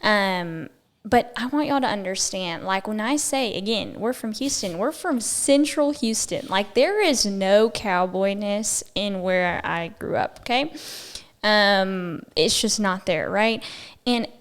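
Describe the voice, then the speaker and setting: A young woman with a twangy Texas accent, chatting as a podcast guest in a lively, talkative way. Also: mid-range voice, slow. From Texas, USA. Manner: chatty and animated, says y'all and okay often. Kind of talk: casual interview chat.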